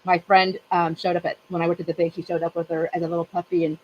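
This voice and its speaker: A woman's voice: on the low side, little pitch movement, fast talker, muffled recording, a little hiss or hum. A middle-aged woman hosting a casual chat with friends, telling a rambling story and laughing often. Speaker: channel host.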